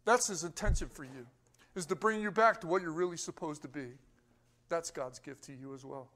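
A man preaching a sermon as pastor, rising into emphatic bursts and dropping low, with rhetorical questions to the congregation. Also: brisk, fairly bright tone.

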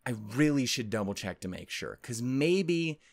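A man with a mid-range, sing-song voice tells a story to his video audience at an unhurried pace, with no room sound. He's an anime video creator who rambles casually, keeps interrupting himself, swears a lot, and repeatedly says "anyway, point is."

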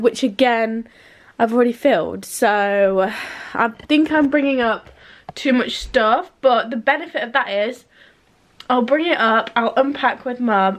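Chatty young British woman, high voice. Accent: British English. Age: young adult. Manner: chatty, rambling, peppered with "like". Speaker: university student vlogger. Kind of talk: casual vlog chat.

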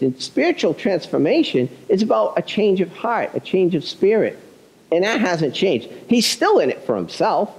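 Telling a story animatedly, a male pastor gives a chatty sermon full of self-deprecation. His voice sits a little high, and the recording is poor.

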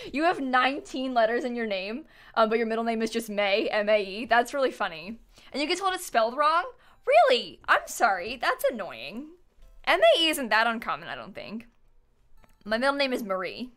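A chatty young woman streaming live, talking to her viewers in a bright, forceful voice that sits a little high. She rambles and giggles, and faint music plays behind her. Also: big pitch swings, normal speed. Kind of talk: casual chat with stream viewers.

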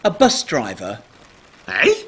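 A man's voice: medium pitch, huge pitch swings, takes it slowly, creaky, a bit bright, slight background noise, poor audio. Grumbling comic male TV host. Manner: comic grumbling, mock-cheerful sarcasm. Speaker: host and puppeteer. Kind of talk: children's puppet comedy.

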